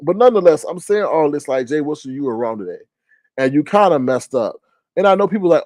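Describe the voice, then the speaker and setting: A man in a casual livestream, giving animated, slangy commentary and often mimicking others in high voices. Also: fast talker, no echo.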